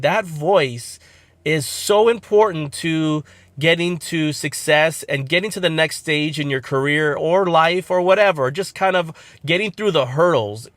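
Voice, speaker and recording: A man's voice: on the high side, fairly bright tone, no room sound. A man with a cold and a congested voice, hosting a motivational podcast and giving an earnest, encouraging talk to camera with many fillers. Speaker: podcast host.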